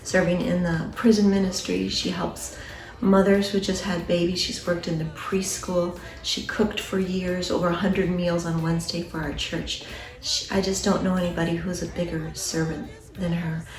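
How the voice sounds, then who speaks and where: A woman's voice: lowish voice, little pitch movement, normal speed. A woman giving an earnest, heartfelt tribute to a longtime family friend. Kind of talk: spoken tribute. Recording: echoey room, distant mic.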